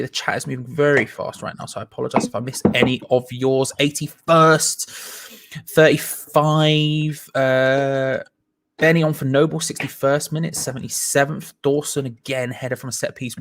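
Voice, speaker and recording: A man's voice: medium pitch, steady tone, gravelly. A man hosting a live football watch-along, chatting casually and greeting viewers by name. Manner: chatty, reads out viewer names, quick asides. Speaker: host.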